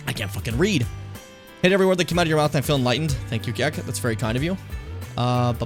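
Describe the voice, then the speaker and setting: A man's voice: mid-range voice, quick pace, soft background music. Profane, rambling young male streamer. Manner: rambling, profane, self-mocking. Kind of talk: casual reaction stream.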